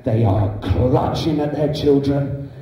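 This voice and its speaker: Rambling comedian, echoey club. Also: male voice, medium pitch, takes it slowly, warm tone. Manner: chatty, rambling, full of "you know" fillers. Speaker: stand-up comedian. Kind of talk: stand-up comedy set. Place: small indoor comedy club stage. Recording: echoey club from a distant camera.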